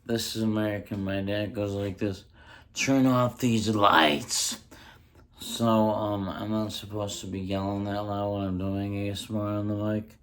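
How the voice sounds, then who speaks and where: A man doing a casual home-recorded ASMR stand-up bit, rambling through deadpan jokes with frequent ums, close on a handheld mic. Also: on the low side, moderate pace, hardly any pauses. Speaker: stand-up comedian. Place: indoors at home.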